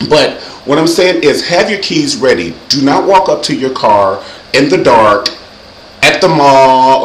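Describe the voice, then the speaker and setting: A man hosting his own show, giving comedic safety advice in a sassy, animated way and acting out loud yells. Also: medium pitch, roomy sound, a little hiss or hum, poor audio. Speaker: vlog host.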